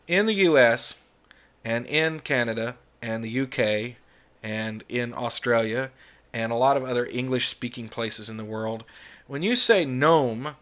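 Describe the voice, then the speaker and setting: A man's voice: medium pitch, sharp tone. A middle-aged American man hosting a casual monologue vlog, ranting bluntly with some swearing. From United States. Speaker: YouTube channel host.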